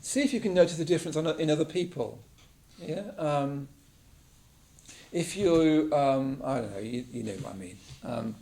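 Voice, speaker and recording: A man leads a mindfulness class in a relaxed, conversational talk, his voice a little higher than most and noticeably gravelly. He keeps checking in with the group as he goes, tossing in a quick "yeah?" to draw them along. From England. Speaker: meditation teacher. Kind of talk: casual teaching talk to a class. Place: meditation class room.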